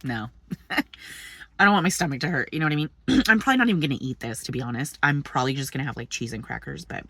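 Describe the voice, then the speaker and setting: A woman's voice: deep voice, fast talker, a bit bright, slightly rough, dry recording. A woman vlogging in a chatty storytelling way, swearing freely, laughing often and jumping between subjects. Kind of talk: casual storytelling vlog.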